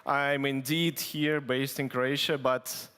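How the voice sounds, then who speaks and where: A man with a Russian accent giving a conference tech talk, halting with many fillers and restarts and dry joking asides. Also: mid-range voice, level tone, bright, forceful tone, clean tone. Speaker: conference speaker. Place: conference hall stage. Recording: long hall reverb.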